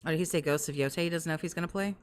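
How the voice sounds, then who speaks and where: A woman's voice: deep voice, very fast, slight background noise. A woman hosting casual commentary over stream clips, with crude, sarcastic heckling. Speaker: commentary host.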